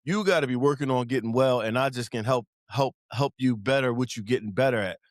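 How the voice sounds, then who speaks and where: A man's voice: medium pitch, fairly quick, no room sound, clean studio sound. Rambling, chuckling podcast host man. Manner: rambling, repeats words, chuckles often. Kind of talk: casual podcast chat.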